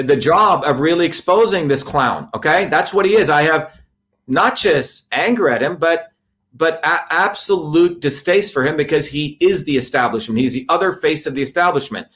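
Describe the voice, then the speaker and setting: Addressing a live audience, a man delivers an impassioned political talk, emphatic and repetitive, stacking his points in lists. His voice is on the high side and a bit bright.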